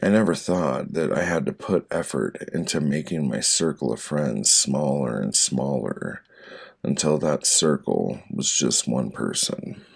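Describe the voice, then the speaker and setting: Man, poetry audiobook reading, gravelly fry in the voice, dry deadpan delivery. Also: very deep voice, unhurried. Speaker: poet reading his own work.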